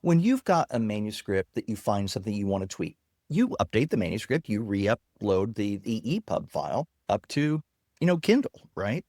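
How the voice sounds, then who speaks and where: A man, a technology guest, explaining and demonstrating software with enthusiasm in a casual interview. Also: on the low side, very animated, normal speed, no echo, studio quality. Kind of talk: casual interview with screen demo.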